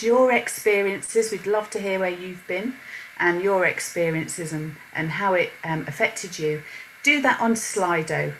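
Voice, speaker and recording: A woman's voice: on the low side, slight background noise, rough recording. A woman hosting a live online church youth panel, welcoming the guests and leading a short prayer over a video call. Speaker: host.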